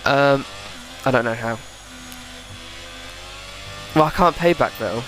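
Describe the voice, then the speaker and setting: A man's voice: medium pitch, animated, slow, a bit bright, a little hiss or hum. A young man giving casual, chatty commentary over a racing game replay, thinking aloud and correcting himself. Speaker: gaming video creator.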